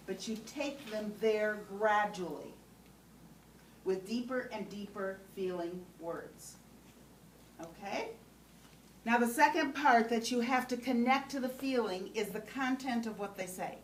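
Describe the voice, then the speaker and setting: A woman with a fairly high voice teaches a class and keeps checking in with the group. She is recorded from a distance in a room with lots of echo. Faint noise sits behind her. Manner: talks with frequent "okay?" checks, asks the class questions. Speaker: trainer. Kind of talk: teaching a class on compassionate listening. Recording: roomy sound from a distant mic with faint background noise.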